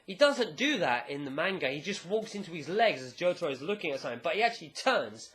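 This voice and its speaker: A man from England giving a casual, excitable video review, swearing freely as he talks. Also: a little high, fast. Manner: animated, excitable, casually profane. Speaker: anime reviewer.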